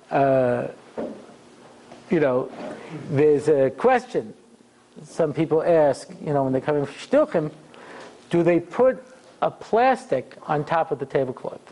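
A man giving a rabbi's Torah lecture, telling stories with humor and animated asides. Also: fairly high pitch. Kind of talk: storytelling lecture.

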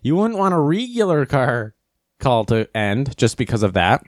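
A man hosting a podcast, telling a casual comic story and commenting on the news, acting out quotes in high voices. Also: sing-song, normal speed, dry recording, clean studio sound. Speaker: podcast host.

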